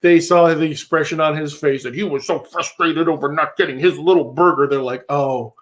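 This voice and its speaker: Brief: sarcastic male livestream co-host, highish voice, ranting comedic commentary. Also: steady tone, a little fast.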